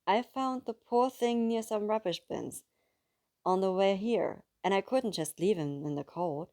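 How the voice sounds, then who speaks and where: A woman with a German accent reading the part of a cheerful, naive young man who talks in an excited, doting way. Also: mid-range voice, a little slow, voice pushed up, lightly acted. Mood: earnest.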